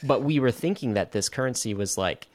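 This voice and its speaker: A man co-hosting a casual podcast chat, joking and animated, talking in quick bursts with frequent restarts. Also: medium pitch. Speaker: podcast co-host.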